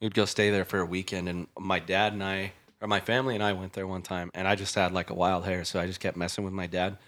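A young man, a little low in pitch, tells stories in an easy, rambling way. He drops "dude" and "bro" into almost every sentence. He laughs as he talks and keeps a casual podcast-host tone. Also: level tone, fast, fairly bright tone. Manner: laid-back, peppers talk with "dude" and "bro", laughs often. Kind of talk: casual storytelling chat.

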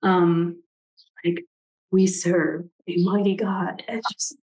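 A woman's voice: on the low side, little pitch movement, slow, a little mellow, rough recording. A woman giving a casual, reflective talk, thinking aloud as she reads passages from a book, with many "like"s and "right?"s.

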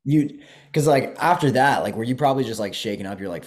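A man hosting a podcast in casual interview style, relaxed and reactive, swearing now and then. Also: medium pitch, fairly quick. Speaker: podcast host.

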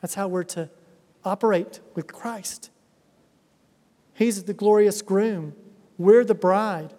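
A man's voice: high-pitched, slow pace, mellow. A middle-aged man preaching a sermon as a pastor, earnest, with emphatic repetition. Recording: reverberant hall sound.

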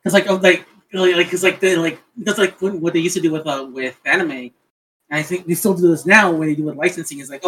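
A man chatting on a podcast in a high, sharp and bright voice. He stumbles over his words, repeating and stacking fillers before landing a point. It has the loose, casual feel of friends talking. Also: fast talker, low-quality recording. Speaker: podcast co-host.

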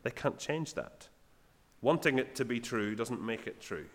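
A man's voice: medium pitch, expressive, unhurried. Guy preaching a sermon, easygoing and chatty with lots of uhs, long echo off the hall. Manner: plain conversational preaching with many "uh" fillers.

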